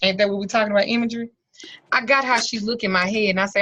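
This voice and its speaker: A Southern United States woman teaches an online occult class, telling blunt, profane stories in a theatrical way. Her mid-range voice races along with fairly even intonation and a bright, forceful tone. The video-call audio is dull and lo-fi, with no echo.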